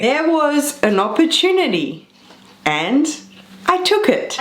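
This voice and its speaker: Gushing woman unboxing, echoey room. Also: mid-range voice. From Australia. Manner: gushing, excitable exclamations. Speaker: beauty and luxury vlogger. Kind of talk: unboxing vlog.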